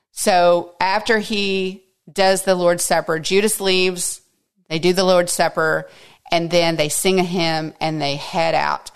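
A woman teaching a Bible study in an expressive way, dropping to hushed asides and rising to high, emphatic bursts. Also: smooth.

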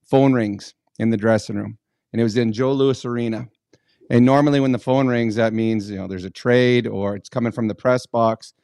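A man who used to play pro hockey, co-hosting a radio show and calmly recounting a hard day from his career. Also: medium pitch, moderate pace, vocal fry, clean tone, no echo, clean studio sound. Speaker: co-host, former hockey player. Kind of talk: casual storytelling.

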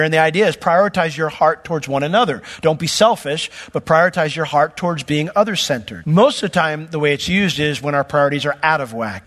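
A man's voice: a little high, fairly bright tone, in a large hall. A man preaching an expository sermon, explaining scripture word by word with emphatic, conversational asides. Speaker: pastor. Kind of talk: sermon teaching.

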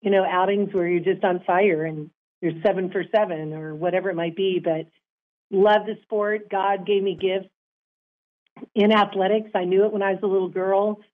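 A woman guest talking about her sport in a measured, upbeat, earnest way. Her voice sits at a middle pitch. She comes through a thin, phone-like line. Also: fairly even intonation. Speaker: guest, former softball player. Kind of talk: interview answers.

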